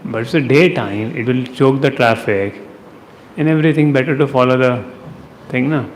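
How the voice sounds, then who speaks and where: A man with an Indian English accent teaching a devotional class, lively and teasing, with rhetorical questions and chuckles. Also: mid-range voice, moderate pace. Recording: long hall reverb, faint noise.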